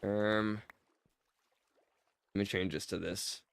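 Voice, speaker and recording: A man's voice: fairly low pitch, flat delivery, slow pace, creaky, fairly bright tone, smooth. A man streaming a game live, chatting casually with his viewers and teasing them with mock offense. He often stammers and repeats words as he jokes. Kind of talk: casual live-stream chat while playing.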